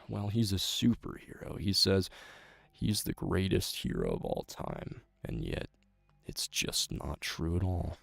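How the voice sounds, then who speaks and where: A man voicing a bitter male villain, delivering a slow theatrical monologue with heavy pauses. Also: low-pitched, vocal fry, no room sound, exaggerated voice. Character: bitter male villain denouncing a false hero.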